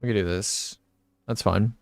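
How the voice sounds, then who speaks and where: A young male streamer with a smooth, resonant voice, close and dry on the mic. He rambles and second-guesses himself in easy, laid-back gaming chatter, answering chat as he goes. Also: on the low side, steady tone, moderate pace, no echo. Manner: rambling, thinks aloud, reads chat replies. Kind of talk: casual live-stream gaming commentary.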